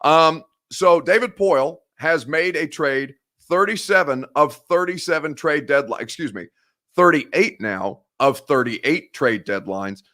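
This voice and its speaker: A man's voice: a little high, unhurried, pushed and bright. A young man from Indiana with a Midwestern American accent, hosting a sports talk show and ranting with heated sarcasm and free swearing. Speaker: sports radio host.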